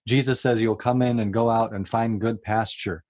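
A man hosting an interview, gentle and affirming, who prays for his listeners and quotes scripture. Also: fairly low pitch, steady tone, normal speed. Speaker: podcast host. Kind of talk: prayerful interview talk.

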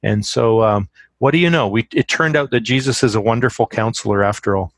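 Animated man teaching, dry close sound. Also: medium pitch, brisk, no echo. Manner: warm, animated storyteller with emphatic repetitions. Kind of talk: conversational teaching on faith.

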